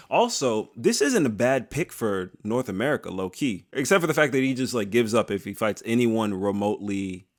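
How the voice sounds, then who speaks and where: A man's voice: fairly low pitch, sing-song, moderate pace, few pauses. A man hosting an MMA video, talking in a casual, rambling, slangy way full of jokes. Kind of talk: casual commentary.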